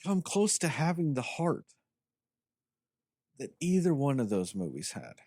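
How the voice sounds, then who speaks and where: A man co-hosts a podcast, ranting about a film in a casual review chat that's sarcastic, animated and full of swearing. His voice is fairly high and his pace measured. The studio-quality recording has no room sound.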